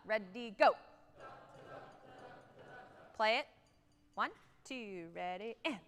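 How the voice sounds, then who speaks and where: A woman conducting a high school band rehearsal, energetic and singing rhythms aloud to demonstrate them. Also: takes it slowly, pauses often, slight background noise. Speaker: guest conductor. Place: large theatre stage. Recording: reverberant hall.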